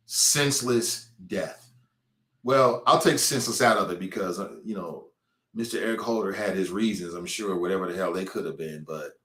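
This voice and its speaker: A man's voice: fairly low pitch, bright, forceful tone, roomy sound. A man hosting a talk show with a Cincinnati accent, delivering a blunt, mocking, streetwise opinion monologue.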